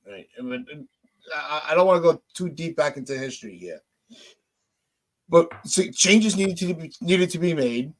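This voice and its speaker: A man's voice: fairly high pitch, moderate pace. A man hosting a podcast, venting with frustration, swearing and restarting his sentences. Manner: frustrated, repetitive restarts, profane. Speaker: podcast host. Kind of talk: heated casual podcast chat.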